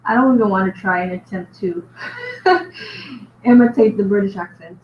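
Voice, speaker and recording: Brief: woman artist host, giggly thinking-aloud chatter, mid pitch, muffled echoey room with hiss. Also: unhurried, pauses often. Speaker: artist hosting a live drawing show. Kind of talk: casual drawing commentary. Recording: dull echoey recording with steady background noise.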